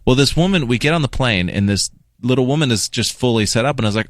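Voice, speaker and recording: A man's voice: mid-range voice, fast, no echo, studio quality. A man, a comedian guest on a morning radio show, telling funny stories and laughing through them. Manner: animated, laughing through anecdotes. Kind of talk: comic storytelling. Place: radio studio.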